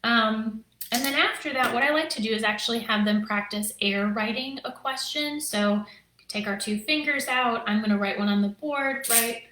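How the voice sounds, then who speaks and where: A woman in her thirties, a teacher and curriculum creator, walks through lessons in a casual talk-to-camera video, chatty and upbeat with plenty of fillers and "right?". Her voice is on the high side with a sharp tone at normal speed. The poor audio has an echoey room and a little hiss or hum.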